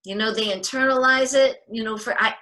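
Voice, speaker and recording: A bright, clear-toned woman chats on a podcast about raising kids. She is animated and acts out what a parent might say, with a lively, practical delivery. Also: fairly high pitch, brisk, rough recording. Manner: animated, gives advice and acts out short scenes. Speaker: guest author on parenting. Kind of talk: casual advice chat.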